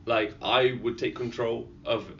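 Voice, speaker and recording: A man's voice: medium pitch, flat delivery, measured pace, gravelly, recorded from a distance. A podcast host chats casually, stopping and restarting and repeating his words as he goes. He sits back from the mic, and the sound is dull and lo-fi with a faint hiss. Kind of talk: casual chat.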